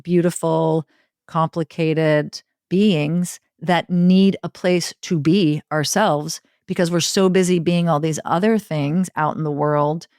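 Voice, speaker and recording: A middle-aged woman telling stories in an interview, expressive and building long rhythmic lists. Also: sits low, slow, clean tone, dry recording, clean studio sound. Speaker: podcast guest, circle facilitator. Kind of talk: conversational interview.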